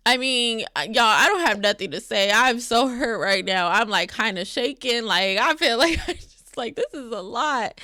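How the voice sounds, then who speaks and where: A woman's voice: high-pitched, sharp tone, no room sound, clean studio sound. A woman hosting a reaction vlog who talks straight to her viewers in an emotional, rambling way. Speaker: reaction video host.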